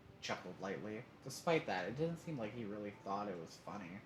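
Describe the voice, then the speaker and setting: A man's voice: on the low side, very animated, fairly quick. A man streaming live, reading a story game aloud with casual asides. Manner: reads aloud with asides and laughs. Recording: roomy echo, faint noise.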